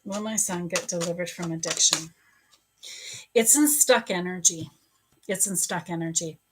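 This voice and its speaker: A woman psychic medium giving a live reading at home, gently sympathetic, halting with pauses and fillers. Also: on the low side, slight background noise. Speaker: spiritual coach and psychic medium. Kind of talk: live psychic reading answering viewers' questions.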